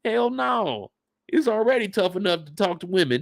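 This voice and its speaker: A man's voice: high voice, sing-song, normal speed, vocal fry, no room sound, studio quality. A man giving a casual, joking, profane breakdown of a TV episode. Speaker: show recap host.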